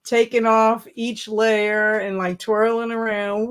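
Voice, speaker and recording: A woman's voice: mid-range voice, fairly even intonation, slow pace, long pauses. A woman hosting a casual live stream, chatting, laughing often and reading viewers' comments aloud. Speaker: livestream host.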